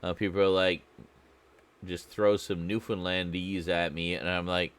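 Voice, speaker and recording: Low-voiced joking Canadian man. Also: little pitch movement, smooth. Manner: joking, rambling, quick to laugh. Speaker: reaction video host. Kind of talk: casual chat reacting to a clip.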